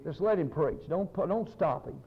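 A man's voice: a little high, expressive, normal speed, vocal fry, husky. A man preaching a fiery, folksy sermon full of stories. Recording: muffled lo-fi sermon recording.

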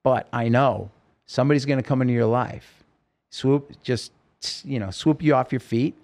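A man's voice: mid-range voice, steady tone, normal speed, a little mellow. A man telling his story as a podcast guest, rambling and emotional, with many fillers. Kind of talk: casual storytelling interview.

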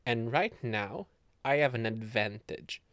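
A man's voice: mid-range voice, lively intonation, a little slow, a bit bright, no echo. A young man from Canada chatting on his podcast from bed, giggling often, rambling and swearing. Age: young adult. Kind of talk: casual solo chat.

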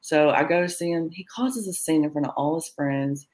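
A woman's voice: low voice, moderate pace, a little mellow. A woman telling her own story as an interview guest, acting out what was said and who said it. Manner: tells events in present tense, acting out quoted lines. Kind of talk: personal storytelling.

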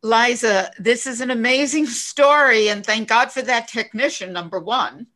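A woman's voice: a little high, normal speed, pushed and bright. A woman hosting an interview, responding sympathetically and asking follow-up questions. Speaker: host.

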